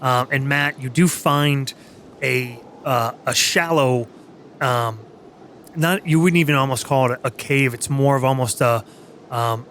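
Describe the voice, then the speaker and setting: Male game master, halting narration, medium pitch, faint background noise. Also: a bit bright. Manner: halting, many fillers and restarts.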